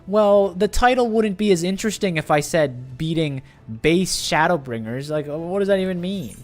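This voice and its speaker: A man's voice: sits high, animated, normal speed, soft background music. A man streaming a game live, chatting with his viewers in a sarcastic, playfully defensive way. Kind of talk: casual gaming livestream commentary.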